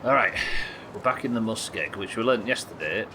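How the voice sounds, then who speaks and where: A man's voice: lowish voice, lively intonation, fairly quick, background noise. A man chatting and joking with viewers while playing a game on a live stream, swearing casually as he goes. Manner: chatty, jokey, swears casually, teases chat.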